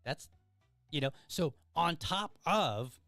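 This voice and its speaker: A man's voice: on the high side, expressive, moderate pace, a bit bright, no room sound, faint music behind. A man hosting an opinion show, lecturing emphatically and firing off exasperated rhetorical questions while reading out viewer comments. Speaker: podcast host.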